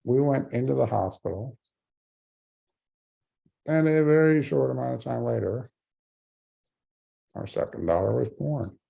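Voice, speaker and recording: A man in his forties delivers a keynote speech as a personal story. His voice is gravelly and very dark, at an ordinary pitch. He mixes dry humor with sincere warmth. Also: unhurried, pauses often. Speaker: keynote speaker.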